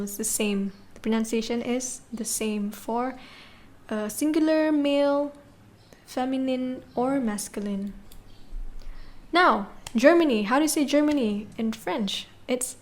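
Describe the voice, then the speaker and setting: A woman with a fairly high voice gives a recorded language lesson. She talks patiently and repeats each word slowly so learners can follow. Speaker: French teacher.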